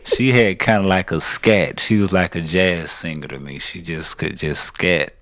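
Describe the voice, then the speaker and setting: A man's voice: deep voice, normal speed, a bit bright, no room sound. A young man with a Southern US accent, co-hosting a podcast in a laid-back, joking way. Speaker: podcast co-host. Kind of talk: casual chat.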